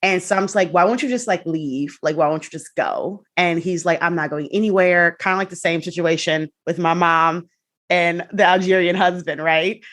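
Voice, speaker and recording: A young adult woman telling a personal story in a casual, animated way, acting out the quotes. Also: on the low side, moderate pace. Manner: animated, acts out quotes with laughs and swearing. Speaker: guest.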